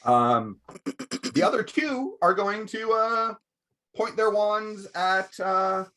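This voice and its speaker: A fairly high-voiced man runs a tabletop game as its game master. He narrates in a measured way and often stops on fillers as he works out what happens next. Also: animated, sharp tone.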